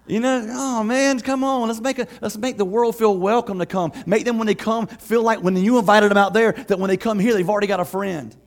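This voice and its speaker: A man preaching a sermon as pastor, conversational and lively, laughing often and acting out quotes. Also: high voice, brisk, hardly any pauses.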